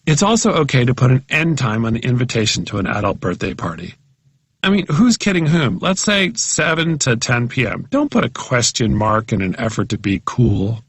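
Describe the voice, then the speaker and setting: A man narrates comic essays for an audiobook with a wry, self-mocking, chatty delivery. His voice sits at an ordinary middle pitch. The recording is close and dry, with no room sound. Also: fairly bright tone, husky, dry recording.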